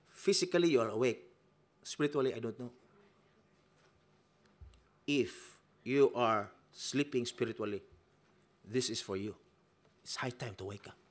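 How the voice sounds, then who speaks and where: A man preaching a sermon, swinging from hushed lines to loud, emphatic peaks. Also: medium pitch.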